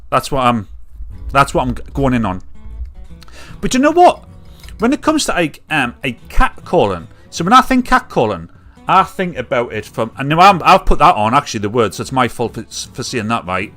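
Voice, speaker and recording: Lively chatty British lad host. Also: male voice, mid-range voice, moderate pace, soft background music. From United Kingdom. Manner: chatty, jokey, mimics catcallers with loud honks and whoops. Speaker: livestream comedy show host. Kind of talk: casual comedic rant.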